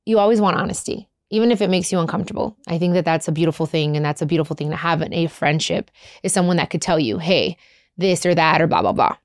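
A woman's voice: on the low side, expressive, fast talker, no echo, clean studio sound. A woman hosting an advice podcast, talking in a candid, chatty way and mixing in Spanish phrases. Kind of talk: casual chat.

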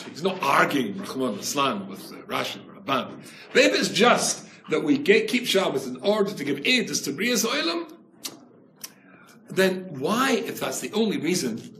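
A man teaching a lively Torah class, his voice rising and falling with bright, forceful emphasis. He mixes Hebrew and Yiddish terms into emphatic explanations. The recording sounds roomy and echoey with faint noise in the background. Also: a little high. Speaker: rabbi. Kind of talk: Torah class, storytelling lecture.

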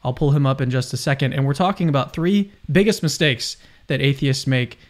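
A man's voice: medium pitch, a little fast. A young adult man hosting a casual video discussion, chatty and enthusiastic with frequent restarts. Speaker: host.

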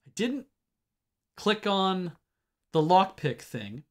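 A man streaming a game, musing out loud and hesitating as he plays. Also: high voice, sing-song, slow pace. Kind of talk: casual game stream commentary.

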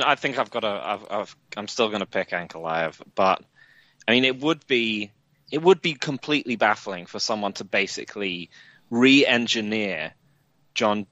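Low, bright-voiced man on a dull mic. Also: no room sound. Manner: measured, analytical, many fillers. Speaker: podcast co-host. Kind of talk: casual podcast analysis.

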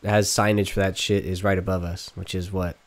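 A man's voice: low voice, flat delivery, brisk. A young man co-hosting a podcast in casual chat, cracking crude jokes and roasting people. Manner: joking, roasting, crude banter. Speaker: podcast co-host.

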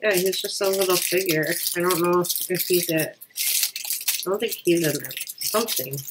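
A woman's voice: lowish voice, moderate pace, very noisy. A woman chatting casually through an unboxing while she has a cold, rambling with lots of fillers. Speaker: vlogger.

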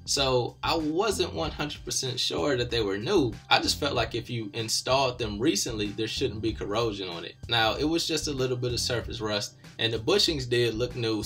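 A young man hosting his own automotive channel, casually telling a story about a mechanic and getting animated as he retells the argument. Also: mid-range voice.

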